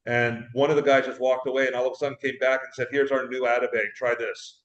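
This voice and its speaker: A man's voice: mid-range voice, flat delivery, quick pace, echoey room, lo-fi sound. A man, a cigar shop owner, calling in by video, telling a rambling story and repeating himself. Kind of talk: casual chat. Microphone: video call.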